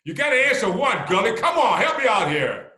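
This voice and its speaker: A man hosting a casual video-call interview, teasing his guest with drawn-out either-or questions in an excitable manner. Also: high voice, roomy sound. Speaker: channel host.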